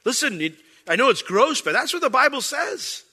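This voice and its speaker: A man's voice: extremely high pitch, very animated, normal speed, sharp tone, husky. A man preaching a sermon as pastor, conversational and emphatic.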